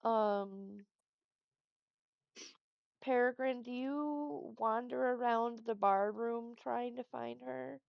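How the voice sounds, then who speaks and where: Slow, gravelly woman running a game. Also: a little high, no room sound. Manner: patient, explains the rules step by step. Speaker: dungeon master. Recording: dull lo-fi dry sound.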